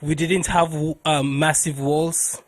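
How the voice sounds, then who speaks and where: A man's voice: on the high side, fairly even intonation, takes it slowly. Middle-aged Sierra Leonean man, hesitant. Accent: Sierra Leonean Krio. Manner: hesitant, many ums, reflective. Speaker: co-host.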